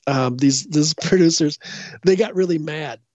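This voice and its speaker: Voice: medium pitch, measured pace, a little mellow, dry recording. Rambling psychic guest, dull dry recording. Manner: rambling, frequent restarts and self-corrections; acts out other people's words when retelling. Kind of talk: casual interview storytelling.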